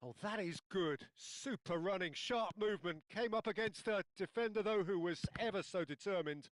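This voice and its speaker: A man giving play-by-play football commentary in a video game, building up excitedly and shouting at goals and shots. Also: sits high, normal speed, no room sound.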